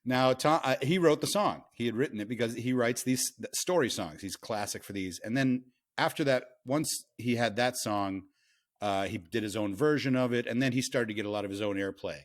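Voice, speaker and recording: A man hosting a casual podcast chat, animated and laughing often, often trailing off and restarting. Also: medium pitch, a little fast. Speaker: podcast host and songwriter.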